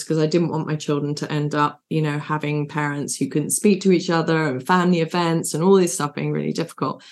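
Middle-aged British woman, low register, warm storyteller, video-call interview guest. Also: fairly even intonation, moderate pace. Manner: warm, effusive, storytelling with quoted inner thoughts. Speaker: guest, divorce coach. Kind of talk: candid interview conversation.

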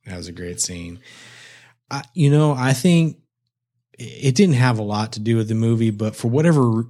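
A man's voice: medium pitch, expressive, normal speed, warm tone. A man co-hosting a casual movie review chat, rambling and correcting himself as he goes, with crude jokes. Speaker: film podcast co-host.

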